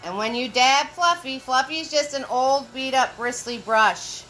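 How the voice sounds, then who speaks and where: A woman leading a live painting lesson, chatty and encouraging, giving slow step-by-step instructions and greeting viewers by name. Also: sits high, noisy background.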